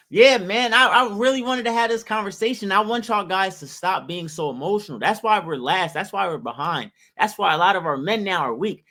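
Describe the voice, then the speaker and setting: A man's voice: high voice, a bit bright. A man giving emphatic, preachy opinion commentary to his viewers, full of rhetorical questions.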